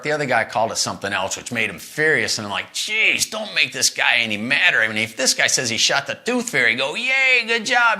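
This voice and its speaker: A middle-aged man hosting a podcast, telling a story from the road in a casual way and acting out the quoted lines. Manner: animated, acts out quoted lines with big pitch jumps.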